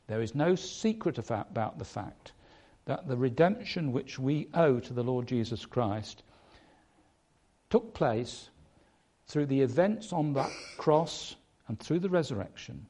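A man preaching a sermon, emphatic, stressing points by changing his loudness and pace. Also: mid-range voice, lively intonation, a little slow.

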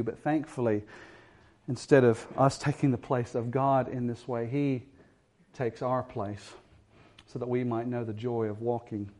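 A man preaching an expository sermon in an earnest voice, moving between quiet, low passages and strong, emphatic ones.

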